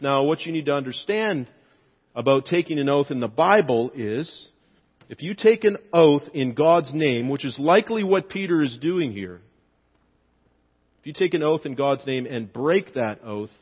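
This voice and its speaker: A man's voice: mid-range voice, normal speed, husky. Preaching man in an echoing hall. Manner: expressive preaching, voice rising for quoted lines. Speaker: pastor. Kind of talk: sermon. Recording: dull sound with long hall reverb.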